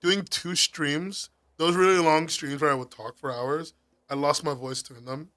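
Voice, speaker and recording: A man with an English accent chatting with his live-stream viewers, excitable and quick to swear and laugh. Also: a little high. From England. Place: at home.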